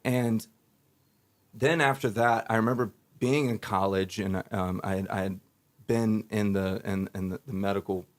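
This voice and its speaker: A man talking as a musician guest in a casual interview, telling animated stories and acting out quoted dialogue. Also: lowish voice, moderate pace.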